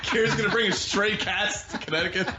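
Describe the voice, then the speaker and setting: A man's voice: sits high, quick pace, heavy background noise. A man co-hosting a call-in radio show, joking and teasing callers. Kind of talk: casual profane banter. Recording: lo-fi sound with music behind.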